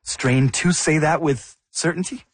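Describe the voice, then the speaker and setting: A man's voice: fairly high pitch, measured pace, slightly rough, dry recording. A man hosting a news interview, conversational as he explains things to viewers. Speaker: news host.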